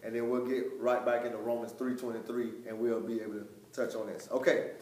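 A man teaching a Bible study, emphatic, often repeating words, with loud stressed points and quieter asides. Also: medium pitch, little pitch movement, brisk. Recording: echoey room.

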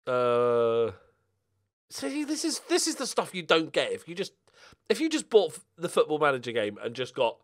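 Man, lively pitch, game commentary, swearing, mutters then outbursts. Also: moderate pace. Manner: swears a lot, swings from mutters to angry outbursts. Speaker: gaming YouTuber. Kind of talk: casual gameplay commentary.

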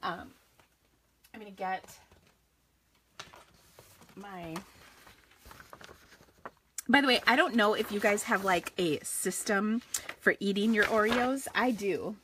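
A woman's voice: mid-range voice, takes it slowly, long pauses, fairly bright tone, a little hiss or hum. A woman hosting a live card-making stream, talking casually and rambling with frequent laughs. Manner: chatty, rambling, laughs often. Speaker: stamping and card-making host.

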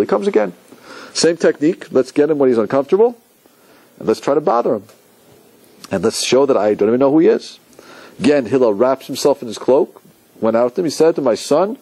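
A rabbi teaching a class, telling stories with lively acted-out quotes and asking his listeners questions. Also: mid-range voice, a little fast, slightly rough, rough recording. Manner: animated storytelling, asks the audience questions, acts out quotes. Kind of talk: lecture to a class.

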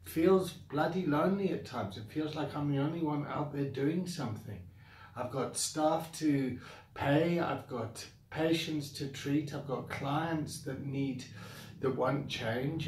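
A man's voice: a little high, unhurried, roomy sound, distant mic, a little hiss or hum. A man with a South African accent who founded a coaching academy, bluntly venting his frustration straight to the camera with sighs and repeated complaints. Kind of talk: direct-to-camera rant.

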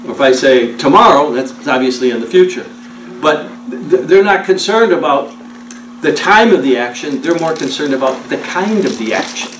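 A man's voice: on the high side, expressive, moderate pace, a bit bright. Man teaching a Bible study in an echoey room. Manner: conversational, quizzes the class. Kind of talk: interactive Bible study lesson. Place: church meeting room. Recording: echoey room, distant mic, noisy.

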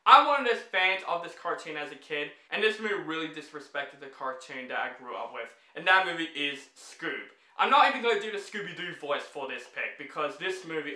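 A man's voice: on the high side, animated, a little fast, pushed and bright, echoey room. A man ranting through a list of his least favorite movies, blunt and exasperated, swearing freely. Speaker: movie reviewer.

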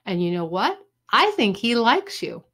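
A cool, cocky fourth-grade boy, as a woman reading aloud plays him, tossing off his lines casually. The delivery is slow and lively in pitch. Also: full character voice. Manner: casual, offhand.

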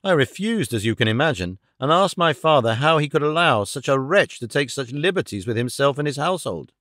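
Give me a man narrating a classic audiobook in a measured, even storytelling voice. His pitch is ordinary for a man. The sound is very dry and close to the mic. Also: no room sound. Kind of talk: scripted narration.

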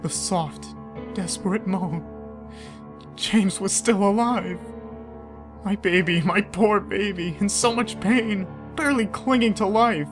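A man's voice: high-pitched, slow. A man voicing a distraught young mother in a scripted horror story, narrating in a shaken, emotional way. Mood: horrified. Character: distraught young mother, grief-stricken, terrified. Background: background music.

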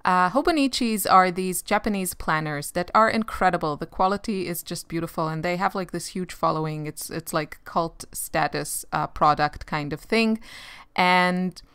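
A woman's voice: on the low side, moderate pace, a bit bright, smooth, no echo. A woman art vlogger chatting casually while she sketches, rambling with many fillers and frequent laughs.

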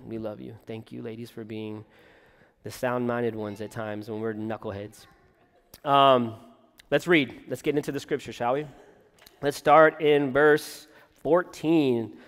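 Male pastor, relaxed conversational sermon with humor, church hall reverb. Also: medium pitch. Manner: conversational preaching with joking asides. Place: church sanctuary.

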